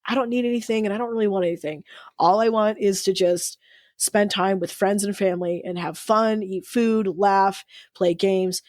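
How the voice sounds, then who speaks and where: A woman's voice: mid-range voice, steady tone, moderate pace, a little mellow, dry recording, studio quality. A woman co-hosting a podcast, talking in a casual, earnest and rambling way with many fillers and restarts. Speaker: podcast co-host. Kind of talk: casual heartfelt chat.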